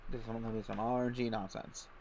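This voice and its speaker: A man's voice: medium pitch, level tone, quick pace, creaky, a crowd in the background. A man streaming a game, chatting casually with friends in a rambling, self-correcting, joking way. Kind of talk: casual gaming chat.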